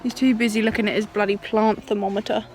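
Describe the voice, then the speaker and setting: A woman's voice: mid-range voice, level tone, quick pace, a little mellow. A young woman chatting casually to a handheld camera at home, exclamatory and self-mocking. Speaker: vlogger. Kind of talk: casual vlog chat. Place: home and garden. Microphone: handheld camera, shaky.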